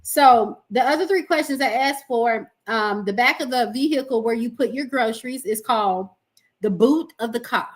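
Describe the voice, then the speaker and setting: A woman's voice: fairly high pitch, moderate pace, few pauses. A woman with a Southern US accent hosting a podcast in casual chat, folksy and self-mocking, laughing often. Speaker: podcast host.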